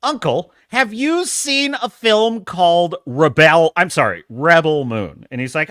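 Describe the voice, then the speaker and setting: A man's voice: on the high side, animated, unhurried, hardly any pauses, bright, forceful tone, no room sound, clean studio sound. A man chatting casually on a live stream, telling stories with sarcasm, frequent laughs and restarts, and sharing strong opinions.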